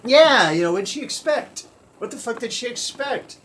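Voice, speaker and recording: High, bright-voiced man laughing through a story. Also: lively intonation, normal speed. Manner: laughs constantly, swears, acts out screams. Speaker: storyteller guest. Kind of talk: casual comedic storytelling. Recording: distant mic with faint background noise.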